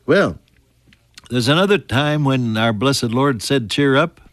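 A man's voice: medium pitch, animated, measured pace, dry recording. Older male preacher, dynamic sermon. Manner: dynamic, swinging from hushed tones to lifted emphatic lines.

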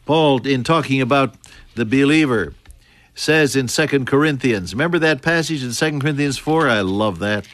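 A man preaching a sermon in an earnest way, rising high for emphasis and dropping soft and low. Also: normal speed.

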